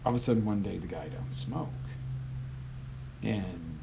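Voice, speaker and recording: Man, live motivational coach, low gravelly voice, punchy and chatty with sudden loud bursts. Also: a little slow, very noisy. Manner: emphatic, conversational, swings from loud bursts to quiet asides. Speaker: life coach.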